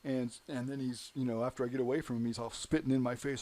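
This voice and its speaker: A man's voice: mid-range voice, level tone, quick pace, crowd noise. A man hosting his own show, telling a story in a rambling, heated monologue full of "you know". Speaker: show host.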